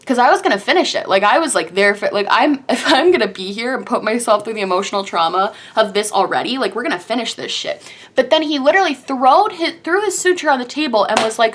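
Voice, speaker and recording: With a somewhat high, slightly bright voice and lively intonation, a young woman vlogger speaks fairly quickly. She's gushing through a dramatic, breathless personal story for a storytime vlog, using "like" heavily.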